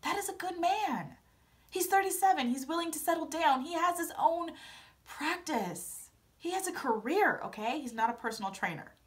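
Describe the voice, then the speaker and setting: This recap vlogger's voice sits high and expressive, moving at a moderate pace. The young woman runs through a reality TV episode in a chatty, dramatic way, tossing in asides and playfully quoting how she reacted.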